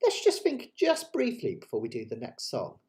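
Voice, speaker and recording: A man's voice: mid-range voice, huge pitch swings, moderate pace. A man hosting an online ukulele jam, chatting and explaining chords step by step. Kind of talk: casual online music lesson. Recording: loud ukulele music behind the voice.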